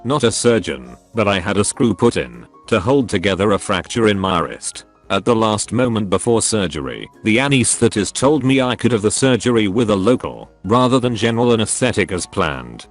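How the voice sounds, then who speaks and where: Guy narrating stories in a lowish voice, steady even read, quiet music in the back. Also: normal speed, few pauses. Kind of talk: scripted narration of online stories.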